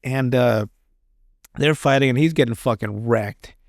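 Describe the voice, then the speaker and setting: A man's voice: medium pitch, a little slow, no echo, clean studio sound. A man hosting a podcast, recapping a show in casual chat, rambling and swearing with many restarts. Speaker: podcast host.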